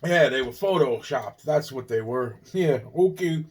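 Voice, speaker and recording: A man's voice: mid-range voice, expressive, unhurried, darkish tone, breathy edge. A man, from Long Island, rambling through an agitated, profane personal monologue and often restarting his sentences. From Long Island, New York. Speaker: vlogger.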